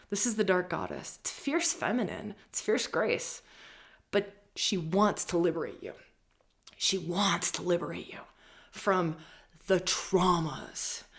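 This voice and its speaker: Low, gravelly-voiced woman astrology host. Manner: emphatic, repeats key phrases. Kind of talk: spiritual astrology forecast talk.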